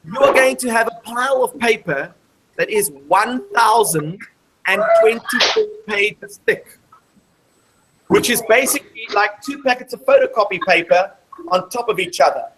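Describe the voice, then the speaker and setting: Woman running a maths show for kids in a classroom, kinda high voice, asks the class questions as she goes, clicky noisy recording. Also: lively intonation, moderate pace. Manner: explains step by step, quizzing the class. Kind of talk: live maths show for schoolchildren.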